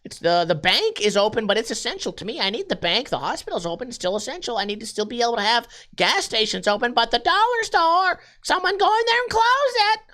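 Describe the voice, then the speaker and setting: Man voicing a nagging old lady caller, shrill, very high-pitched, insistent. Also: very animated, a little fast, hardly any pauses, sharp tone, exaggerated voice. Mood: whiny. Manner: whiny, insistent, tattling.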